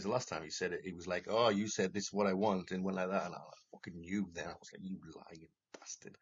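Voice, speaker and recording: A man talks straight to the camera in a deep, raspy voice. His account rambles and keeps restarting, full of swearing and agitation. The recording sounds dull and lo-fi. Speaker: former talent show contestant telling his story. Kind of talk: unscripted monologue to camera.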